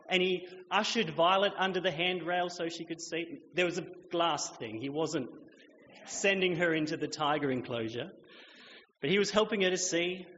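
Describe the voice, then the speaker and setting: High-voiced pastor preaching in an echoey church. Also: male voice. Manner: animated storytelling, acting out children's voices. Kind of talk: sermon with storytelling. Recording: echoey hall, dull lo-fi sound.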